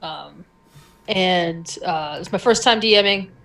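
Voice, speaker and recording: A woman chats on a live tabletop stream in an unhurried, drawn-out way. She giggles often and keeps running herself down. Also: lowish voice, fairly bright tone. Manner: self-deprecating, giggly. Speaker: player. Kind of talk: casual chat on a live stream.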